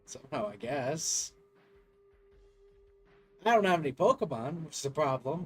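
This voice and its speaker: A man's voice: fairly high pitch, big pitch swings, unhurried, long pauses, a little mellow, husky, faint music behind. A man giving casual, joking let's-play commentary, rambling and self-deprecating. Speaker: gaming YouTuber.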